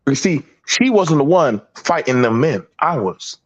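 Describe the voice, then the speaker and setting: A man's voice: a little high, very animated, measured pace, highs cut off. A man hosting a heated panel talk, telling emphatic, profane stories. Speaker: podcast host.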